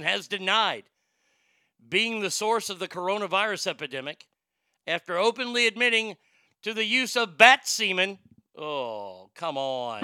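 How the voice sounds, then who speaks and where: Male comedy host who reads news with crude, irreverent asides. He has a high, very bright voice. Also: smooth, no room sound, studio quality. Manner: profane, irreverent joking. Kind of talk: comedic news-reading commentary.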